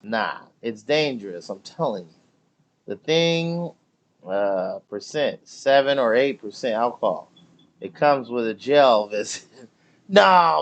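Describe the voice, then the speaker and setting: A young man telling stories during a casual live stream with loud slangy banter, drinking while he talks at home. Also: mid-range voice, lively intonation, takes it slowly. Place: home, near the grill.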